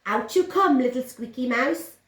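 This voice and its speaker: A woman voicing a prowling cat in a storybook reading, speaking slowly with sly menace. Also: sits high, lively intonation, voice pushed up. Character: prowling cat hunting a mouse. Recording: roomy echo.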